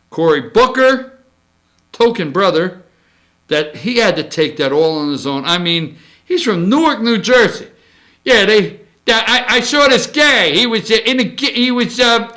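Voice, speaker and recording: A man's voice: high-pitched, bright, forceful tone. A man hosting a political talk show, joking and sarcastic as he rambles through the news. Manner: joking, sarcastic, rambling, jumps between mock impressions. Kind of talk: casual opinion commentary.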